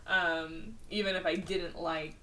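A woman co-hosting a podcast, chatting casually about an animated film, self-mocking and laughing often. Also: lowish voice, slow, distant mic, a little hiss or hum, poor audio. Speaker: podcast co-host.

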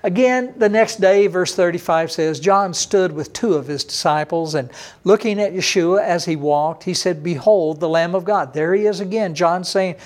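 A middle-aged male pastor delivers a sermon in a slightly high voice. He preaches emphatically, with loud, lifted bursts that fall back to low, quiet stretches. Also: moderate pace. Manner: emphatic preaching with sudden rises and drops in pitch and loudness.

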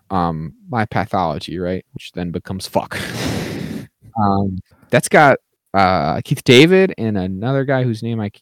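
A man's voice: medium pitch, darkish tone, no room sound. Chatty man with a dry sound. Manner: chatty, keeps saying "like I said" and "right?". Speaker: podcast co-host. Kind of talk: casual film discussion.

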